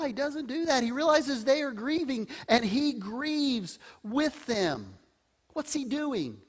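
A woman preaching a sermon. Her pitch swings widely as she tells the story, and she sinks to a hushed tone for solemn lines. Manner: animated storytelling, drops to a hushed voice for solemn verses.

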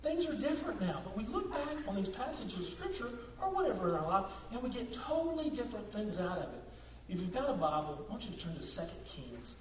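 High-voiced youth pastor preaching. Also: male voice, a little hiss or hum. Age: 40s. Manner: animated storytelling with bursts of laughter. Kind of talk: sermon. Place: church sanctuary. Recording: echoey room, mic at a distance.

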